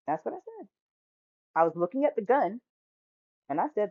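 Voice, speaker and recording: A woman's voice: on the low side, normal speed, pauses often, husky, no room sound. Storytelling woman in her forties, phone-like. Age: 40s. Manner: animated, acts out quoted voices, laughs often. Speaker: podcast host. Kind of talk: storytelling monologue. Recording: dry, phone-like line.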